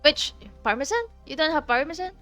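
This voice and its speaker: Bright, high-voiced Filipino woman streamer. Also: animated, a little fast, faint music behind. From Philippines. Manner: chatty, laughs often, swears casually. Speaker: game streamer. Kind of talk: casual chat while playing.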